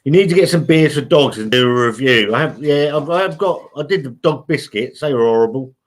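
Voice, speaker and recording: A man's voice: medium pitch, lively intonation, a little fast. A man hosting a casual live stream from home, reading out chat messages in a chatty, blunt, sweary way and calling everyone mate.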